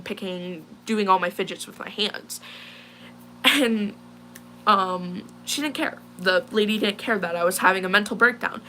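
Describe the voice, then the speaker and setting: There's a slight hiss or hum behind this teenage girl's pushed, bright, mid-range voice. Telling her live viewers about an upsetting incident, she rambles with many fillers and comes across as shaken, in a casual storytelling style.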